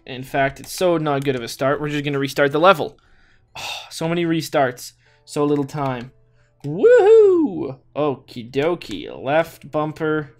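A gaming YouTuber doing let's play commentary talks to himself in a slightly high voice while playing, over faint background music. He often restarts his thoughts and lets out exclamations.

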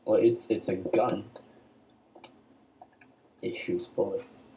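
A man's voice: fairly low pitch, slow, slight background noise, low-quality recording. A man in casual gaming chat, joking and goofing around with his friends. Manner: joking, lively, goofy. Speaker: gamer in voice chat.

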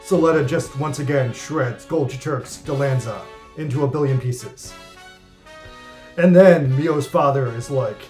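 A man hosting a comedic anime review, rambling and jokey in an excitable way. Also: mid-range voice, unhurried. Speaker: anime reviewer and channel host. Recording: echoey room with faint music.

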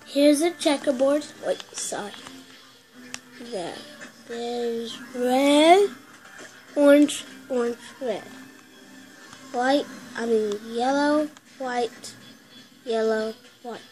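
A woman hosting a casual unboxing video, chatty and excitable, stopping often to correct herself. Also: on the high side, drawn-out words, pauses often, soft background music, low-quality recording. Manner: chatty, excitable, stop-start with many self-corrections. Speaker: video host.

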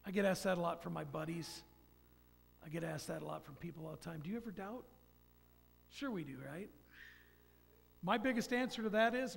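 A man speaks in a fairly high, gravelly voice as he shares an earnest personal testimony. His storytelling carries a long reverb from a church sanctuary.

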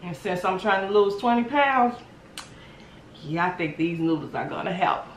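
A woman's voice: fairly low pitch, expressive, normal speed, echoey room, slight background noise. A woman chatting casually to her viewers while eating noodles, humming between bites, playful and teasing. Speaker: vlogger eating on camera. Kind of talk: casual mukbang chat.

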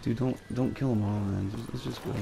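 A man's voice: medium pitch, fairly even intonation, a little fast. A young man chatting casually and swearing while playing a video game with a friend. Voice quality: gravelly, swearing and laughing often. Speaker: gamer. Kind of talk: casual gaming banter. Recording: noisy game audio behind.

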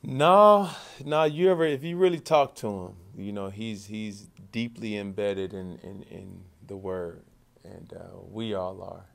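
Deep-voiced man at a press conference. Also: a little slow, vocal fry, darkish tone. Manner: loose and conversational, with many repeated words and restarts. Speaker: football quarterback. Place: media session after practice.

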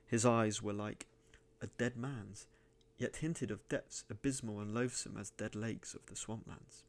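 A man reading a dark adventure story aloud, measured and sometimes rising to loud declaiming. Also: on the low side, fairly even intonation, vocal fry. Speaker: reader and gaming channel host.

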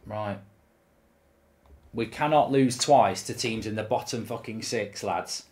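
His voice is lowish, slow-paced and a little mellow. He's a gaming YouTuber hosting his own channel with live commentary over a football management game, packed with rants, swearing and exasperated outbursts.

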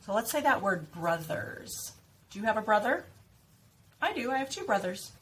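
A woman teaching speech sounds, reading a picture book aloud and slowly repeating practice words with careful articulation. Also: medium pitch, sing-song, a bit bright. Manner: slow, clearly stressed repetition of target words.

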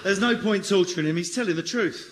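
A man acting as a bank robber in a radio comedy sketch, lively and often breaking character. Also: high voice, fast talker, roomy sound, a little hiss or hum.

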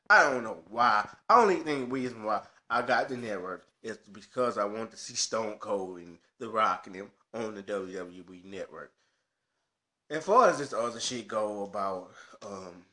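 A man's voice: lowish voice, sharp tone. A man ranting casually to camera with frustration, swearing heatedly about wrestling. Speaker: wrestling fan vlogger. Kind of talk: casual rant.

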